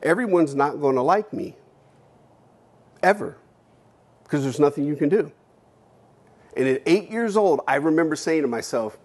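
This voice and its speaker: A man giving a keynote speech, telling a personal story bluntly and candidly, swearing freely and moving between loud and hushed delivery. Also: on the high side, expressive, normal speed, long pauses. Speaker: keynote speaker. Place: lecture hall.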